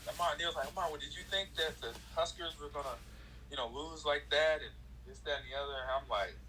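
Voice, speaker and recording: Animated storytelling former football player. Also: male voice, fairly high pitch, fast, slight background noise, rough recording. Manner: animated storyteller, acts out his own quotes. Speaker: former college running back, guest. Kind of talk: casual storytelling interview.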